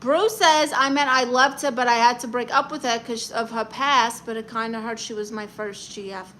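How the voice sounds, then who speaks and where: A brassy woman with a Brooklyn accent hosts a comedy livestream, reading viewer comments aloud and handing out blunt, sassy advice. Her voice sits fairly high and has a sharp, bright edge. A faint hiss runs under it. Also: steady tone, moderate pace. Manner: brassy, blunt and sassy, calls people honey. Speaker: livestream host giving comic advice.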